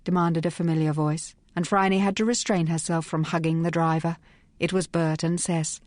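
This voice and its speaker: A woman with a lowish voice narrates a period mystery novel, brisk and crisp with a wry edge. The recording is close and dry, with no room sound. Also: steady tone, darkish tone, no room sound. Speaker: audiobook narrator. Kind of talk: scripted narration.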